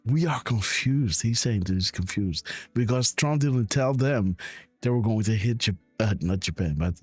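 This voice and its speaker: A man hosting a live stream, reacting to a press clip with excited, mocking commentary and frequent laughter. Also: lowish voice, normal speed, breathy edge, dry recording, faint music behind. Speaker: host reacting to a news clip.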